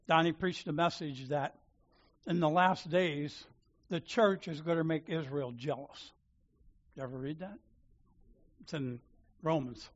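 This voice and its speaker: A church elder preaching in an animated storytelling way, acting out each exchange and chuckling along. His voice sits a little high for a man, with lively jumps in loudness. The sound is muffled and lo-fi. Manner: animated, acts out dialogue, chuckles. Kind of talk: sermon storytelling. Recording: dull lo-fi sound.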